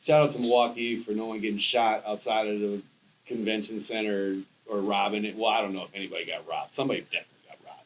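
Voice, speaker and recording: A man co-hosting a podcast, talking in an animated, rambling way with lots of restarts and casual slang. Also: fairly low pitch, fast, slight background noise, rough recording. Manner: animated, rambling with restarts, says bro and dude. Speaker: podcast co-host. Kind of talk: casual chat.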